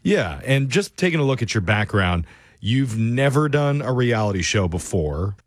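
A man's voice: mid-range voice, normal speed, no room sound, studio quality. Playful radio prank caller, man. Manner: playful, deadpan fake producer patter. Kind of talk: morning radio prank call.

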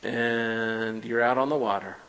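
A man's voice: mid-range voice, a little slow, clear, resonant tone. Man preaching in a reverberant hall. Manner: animated, swings between loud and hushed. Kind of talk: first-person dramatic sermon storytelling. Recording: long reverb of a large hall.

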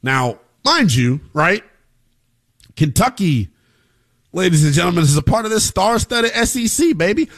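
A man's voice: high voice, sing-song, a bit bright. A man hosting a live college football talk show, hyped and jokey, talking straight to viewers and reading out score updates. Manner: hyped, hollering, jokey with quick drops to mutters; talks straight to viewers, reads scores and chat comments.

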